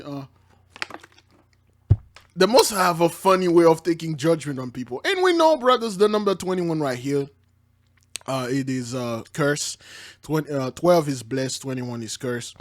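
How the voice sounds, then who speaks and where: A man giving casual commentary on a news clip, laughing often, saying "man" a lot, and dropping to quiet low asides. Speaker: online preacher reacting to news.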